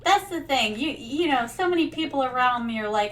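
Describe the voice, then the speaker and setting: A woman's voice: high voice, animated, fairly quick, fairly bright tone. A young woman streaming a game in casual, rambling chat, playing a playful royal persona who calls her viewers her darlings. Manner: rambling, many fillers.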